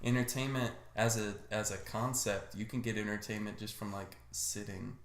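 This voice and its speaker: رجل مازح يتحدث بعامية وألفاظ نابية. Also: male voice, fairly low pitch, steady tone, normal speed. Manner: joking, slangy and profane. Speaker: podcast co-host. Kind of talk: casual chat. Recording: roomy echo with faint noise.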